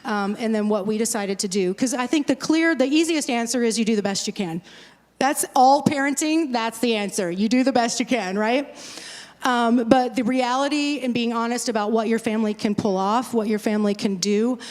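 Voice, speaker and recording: A woman's voice: on the high side, moderate pace, darkish tone. A woman pastor in her forties talking casually to a crowd, joking and rambling with asides. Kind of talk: casual talk to a conference crowd. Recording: long hall reverb.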